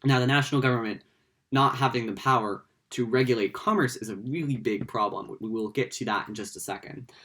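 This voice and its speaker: Guy lecturing on history, chill and chatty, lots of ums, mid pitch. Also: brisk, a bit bright. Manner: conversational, many fillers, playful asides. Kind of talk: casual lecture.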